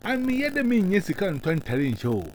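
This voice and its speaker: A man lectures earnestly, his pitch bouncing a lot and sitting a little high. He drops English words into his advice, with faint noise behind him. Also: wildly swooping pitch, brisk, a little mellow. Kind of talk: advice talk.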